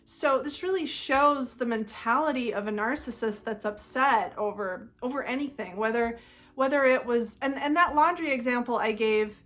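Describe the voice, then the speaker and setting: A woman hosting a talk on psychology, explaining earnestly and slowing down for emphasis. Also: fairly high pitch, fairly bright tone. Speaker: host. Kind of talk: personal talk about psychology.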